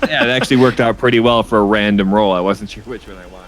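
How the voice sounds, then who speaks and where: Lower-voiced man explaining game rules. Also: quick pace. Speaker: player. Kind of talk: casual chat at a game table.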